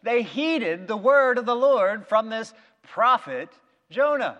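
High-voiced male preacher telling a story. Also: slow pace, dull audio. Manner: lively storytelling with acted-out quotes. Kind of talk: sermon retelling a Bible story. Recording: long reverb of a big hall.

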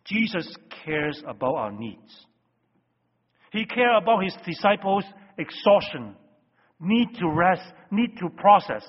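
Male pastor, raised husky voice, emphatic sermon delivery, muffled lo-fi recording with long hall echo. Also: high voice, big pitch swings, slow. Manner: emphatic, swings between loud stresses and hushed phrases. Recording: dull lo-fi sound with long hall reverb.

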